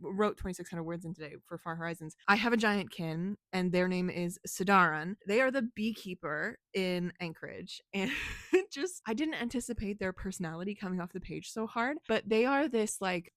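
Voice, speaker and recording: A woman's voice: fairly low pitch, moderate pace, a bit bright, dry recording. A woman author chatting casually in a vlog about her writing, rambling with lots of "like", laughing often and swearing freely. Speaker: author and book vlogger.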